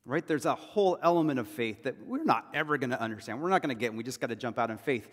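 A man's voice: medium pitch, lively intonation, quick pace. A man preaching a sermon as pastor, talking in a loose, conversational storytelling way with asides and repeated phrases. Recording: long hall reverb.

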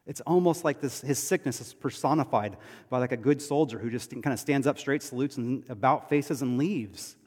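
A man preaches a sermon in a church. He moves between loud, emphatic lines and soft, hushed ones, and his voice sits at an average pitch. A long hall reverb trails each phrase. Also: moderate pace, husky. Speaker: pastor.

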